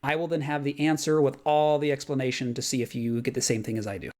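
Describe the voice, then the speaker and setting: A man teaching a recorded math lesson in a casual way, thinking aloud with fillers and quick self-corrections. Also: medium pitch, little pitch movement, darkish tone.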